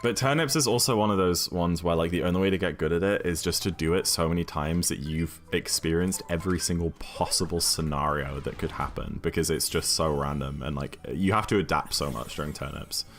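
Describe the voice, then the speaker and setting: A man's voice: low-pitched, brisk, hardly any pauses, faint music behind. A British man streaming a video game, chatting casually and thinking aloud while answering viewers' questions. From United Kingdom.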